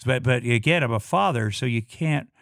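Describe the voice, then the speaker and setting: Blunt, halting middle-aged man, dry sound. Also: medium pitch, vocal fry, a bit bright, no echo. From Iowa, USA. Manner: halting, full of restarts and repeated words; blunt, with frequent swearing. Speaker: guest. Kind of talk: personal storytelling in casual talk.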